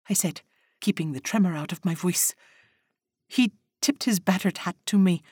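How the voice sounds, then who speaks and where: A woman narrating a story in first person, soft and measured, voicing the dialogue as she goes. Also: lowish voice, slightly rough, no room sound, clean studio sound.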